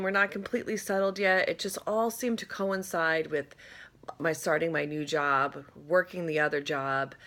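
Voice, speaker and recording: Woman vlogger from Rhode Island, low and bright voice, chatty and rambling to camera. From Rhode Island, USA. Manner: chatty and rambling, with many asides. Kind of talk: casual chat to camera.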